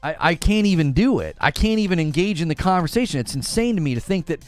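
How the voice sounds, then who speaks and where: A man hosting a casual gaming livestream, talking in an animated, exasperated rant to his chat. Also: a little high, quick pace, few pauses, no room sound, soft background music.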